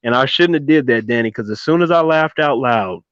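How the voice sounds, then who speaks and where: A man's voice: medium pitch, brisk, clear, resonant tone, no room sound, lo-fi sound. A man in casual chat, telling a story with laughter and acting out the people in it. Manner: animated storyteller, acts out yelling voices, laughs often. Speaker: co-host.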